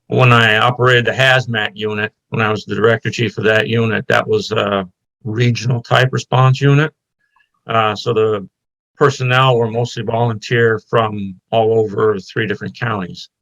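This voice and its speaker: A man's voice: fairly low pitch, fairly bright tone, poor audio. A middle-aged man, a retired career firefighter, giving a matter-of-fact account of his qualifications at a town board meeting, with many fillers. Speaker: interim fire chief candidate. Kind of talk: job interview at a public meeting.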